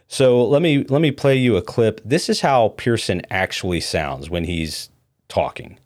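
A man's voice: lowish voice, lively intonation, unhurried. A man hosting a podcast with opinionated, dismissive commentary. He often stumbles over repeated words and fillers. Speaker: podcast host.

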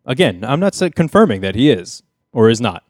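A man hosting a casual podcast chat, retelling a TV episode with jokes and quick impressions of the characters. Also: medium pitch, very animated, a little mellow, a little hiss or hum. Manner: joking storyteller, mimics characters' lines. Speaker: podcast host recapping a sitcom episode.

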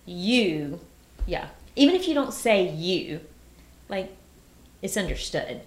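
A woman's voice: lowish voice, big pitch swings, slow, echoey room. A middle-aged woman co-hosting a casual talk, earnest and emphatic, giving example phrases. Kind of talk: casual conversation.

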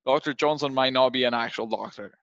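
A man's voice: medium pitch, brisk, a bit bright, dry recording. A young man coaching a trainee on cold calling, acting out phone calls in different voices to make his points. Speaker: sales trainer. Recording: dull, slightly lo-fi dry sound.

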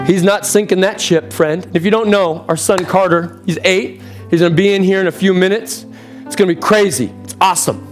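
A man in his thirties, a pastor preaching a sermon in church, impassioned, with big swings in pitch and pace. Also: fairly even intonation, a little fast, faint music behind.

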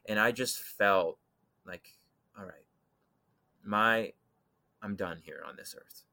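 A young man telling a personal eerie story as a podcast guest, animated, acting out voices and swinging from loud to hushed. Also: on the low side, slow pace, gravelly. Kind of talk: dramatic storytelling in conversation.

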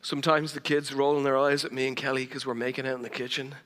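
A man's voice: medium pitch, little pitch movement, quick pace, a bit bright, slight background noise. A middle-aged man with an Irish accent preaching a sermon as lead pastor, telling humorous stories and laughing at himself. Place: large church auditorium. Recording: long reverb of a large church hall.

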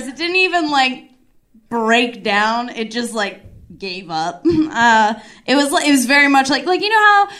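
Woman doing stand-up, kinda high voice, rambly and self-deprecating, says like a lot. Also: a bit bright. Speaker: stand-up comedian. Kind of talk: stand-up storytelling.

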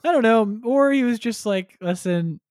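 A man's voice: very high voice, animated, moderate pace, a little mellow, smooth, dry recording, studio quality. A man chatting casually on a podcast, retelling a story and acting out characters with crude humor. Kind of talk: casual chat.

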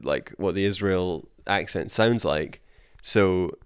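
A man's voice: low voice, takes it slowly, smooth, dry recording, clean studio sound. A man co-hosting a podcast, talking through a film in casual, rambling chat full of "like" fillers and casual swearing. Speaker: podcast co-host.

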